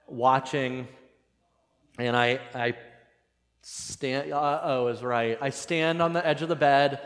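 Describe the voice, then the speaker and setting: Pastor telling a story in a reverberant hall. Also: male voice, fairly high pitch. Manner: casual and self-deprecating, animated when retelling. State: voice slightly strained, cracking. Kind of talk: conversational sermon storytelling. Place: church sanctuary.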